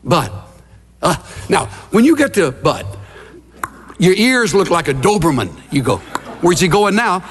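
A middle-aged pastor preaches in a loose, storytelling way, with a slightly raised voice that swings widely up and down. His tone is husky and a little breathy. A long reverb trails behind him, as in a big church hall. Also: on the high side, measured pace, pauses often. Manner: animated storytelling, acting out scenes with gasps and asides. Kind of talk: conversational sermon.

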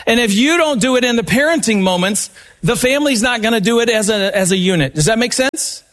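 A man giving a live event talk, telling stories in an earnest, animated way. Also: very high-pitched, a little fast. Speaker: seminar speaker. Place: live event before an audience.

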